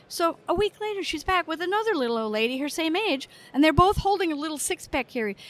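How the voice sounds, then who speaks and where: A middle-aged American woman telling lively anecdotes in an interview, acting out the customers she describes. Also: very high voice, fast talker, hardly any pauses, dry recording. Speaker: guest, brewer. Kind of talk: conversational storytelling.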